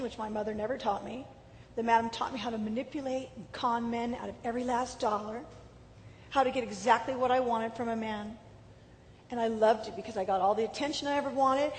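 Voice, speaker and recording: A middle-aged woman telling her life story as a personal testimony, earnest and emotional. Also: darkish tone. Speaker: speaker giving testimony. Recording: hall reverb with faint rumble.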